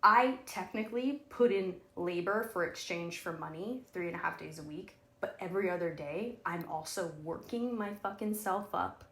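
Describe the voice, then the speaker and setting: A woman's voice: lowish voice, moderate pace, few pauses, a bit bright, echoey room. A woman co-hosting a podcast in casual chat, candid and often laughing, trailing off and restarting, with frequent swearing. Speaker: podcast co-host.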